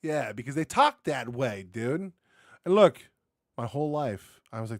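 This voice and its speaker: A man doing casual reaction commentary, rambling and excitable, swearing freely and tossing in dude and bro. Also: medium pitch, unhurried, no room sound, studio quality. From United States. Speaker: reaction video host.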